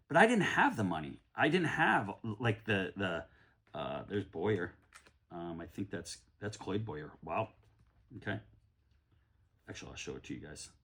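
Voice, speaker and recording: A middle-aged man from the United States, rambling casually through a card-break vlog and often breaking into excited shouts. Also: lowish voice, breathy edge. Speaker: card collector opening packs.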